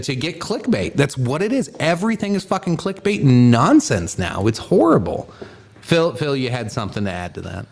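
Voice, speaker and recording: Exasperated swearing man ranting. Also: fairly high pitch. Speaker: podcast co-host. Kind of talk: profane ranting podcast chat. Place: his garage.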